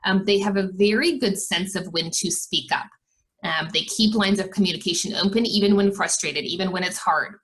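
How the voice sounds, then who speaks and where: A woman's voice: lowish voice, a bit bright, poor audio. A woman co-presenting a leadership webinar, explaining points from slides with a lot of "um". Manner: explains from slides, with frequent "um" fillers.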